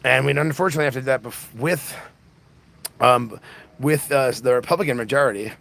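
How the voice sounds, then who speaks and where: A man's voice: mid-range voice, brisk, creaky, a bit bright, slight background noise. An exhausted man hosting a casual livestream, rambling with lots of restarts, recorded on a phone. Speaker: livestream host.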